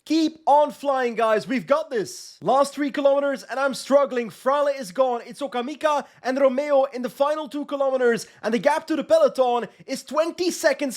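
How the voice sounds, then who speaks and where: A young man narrates his cycling management game live. His voice sits very high for a man. He gets excitable quickly and pleads and shouts at his riders when the finish is close. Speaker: gaming YouTuber.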